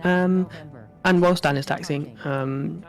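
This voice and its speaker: Gravelly man chatting on a stream. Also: on the high side, slow. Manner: chatty, relaxed, frequent ums. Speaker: stream co-host. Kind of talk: casual live-stream chat.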